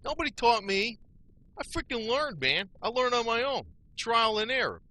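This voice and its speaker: In an extremely high, pushed and bright voice, very animated at a moderate pace, a man rants on his YouTube channel. The monologue is blunt and angry, repetitive, and full of casual slang, with "man" and "you know" coming up again and again.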